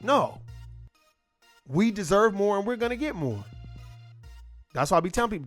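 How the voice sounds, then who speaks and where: A middle-aged man holds forth in a casual monologue, blunt and full of profanity, telling stories with plenty of animation. His voice sits high for a man. Faint music plays under him. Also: sing-song, normal speed, pauses often.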